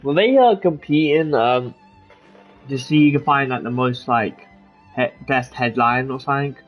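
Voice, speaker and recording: A young man commenting casually on his game session, rambling and restarting his sentences as he goes. He has a mid-pitched voice on a slightly dull home mic, with faint game music running under him. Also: normal speed. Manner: rambling, full of fillers and restarts. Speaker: gaming video creator. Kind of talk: casual let's-play commentary.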